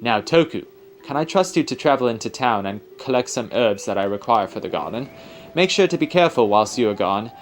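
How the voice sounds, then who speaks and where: A man's voice: medium pitch, lively intonation, brisk, lightly acted. A man voicing a fussy, scolding old male guardian in a game, in a put-on British accent. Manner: scolding, stern. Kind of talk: reading game dialogue aloud.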